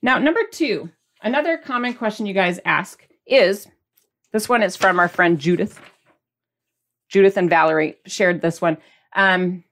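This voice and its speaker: A woman's voice: medium pitch, measured pace, fairly bright tone. A woman hosting a diet podcast, chatting casually to viewers, asking them questions and holding up products as she talks, with playful mimicry of their reactions. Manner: chatty, asks the audience questions; holds up products while talking. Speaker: podcast host.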